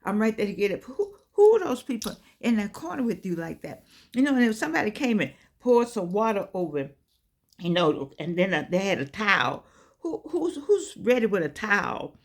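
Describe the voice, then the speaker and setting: A woman's voice: medium pitch, sing-song, normal speed. A woman in her eighties giving an inspirational talk in an earnest, preaching cadence, full of repeated words and restarts. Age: 80s. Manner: repetitive, many stammered restarts. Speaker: motivational speaker.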